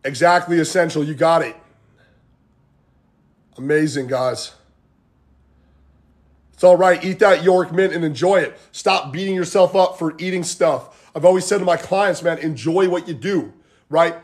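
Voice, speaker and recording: A man's voice: on the high side, normal speed, pauses often. A man coaching fitness over a livestream from home, chatting casually in a rambling, motivational way, saying "like" and "guys" a lot. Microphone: phone.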